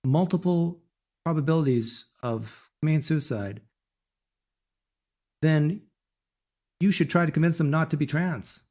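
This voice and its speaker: A man's voice: on the high side, lively intonation, measured pace, long pauses, darkish tone. A man giving an opinionated monologue in a preachy way, repeating his points.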